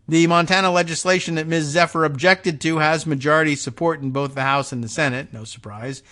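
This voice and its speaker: A man's voice: on the high side, steady tone, brisk, pushed and bright. A man hosting a political commentary podcast, sarcastic and rambling, often restarting his sentences. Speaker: podcast host. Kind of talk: political commentary talk show.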